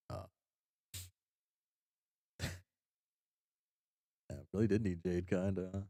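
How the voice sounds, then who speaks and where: A man's voice: deep voice, flat delivery, extremely slow, pauses often, dark tone, no room sound, studio quality. A man streaming a first read-through of a webcomic, making offhand, sweary comments with a chuckle.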